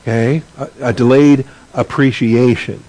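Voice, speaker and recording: An earnest man teaches scripture to a class in a conversational, unhurried way, reading passages and then commenting on them plainly. His voice is of ordinary male pitch with a darkish tone and fairly even intonation, and he often repeats a word while searching for phrasing. The audio quality is poor.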